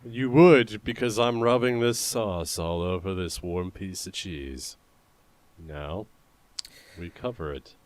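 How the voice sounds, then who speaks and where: A man's voice: deep voice, slow. A young man co-hosting a casual podcast, playful and jokey as he reads out listener mail. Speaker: podcast co-host.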